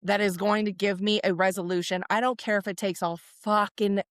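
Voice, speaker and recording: A woman co-hosting a podcast in casual chat, telling stories with lively acted-out quotes and casual swearing. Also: medium pitch, normal speed, dry recording, studio quality. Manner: animated storyteller who acts out quoted voices. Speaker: podcast co-host.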